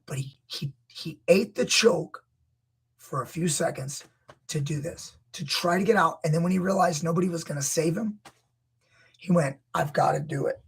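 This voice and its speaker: A man coaching grappling, breaking down a wrestling match with emphatic, opinionated commentary that rises to near-shouts when he gets indignant. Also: a little high, moderate pace, husky. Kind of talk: video commentary.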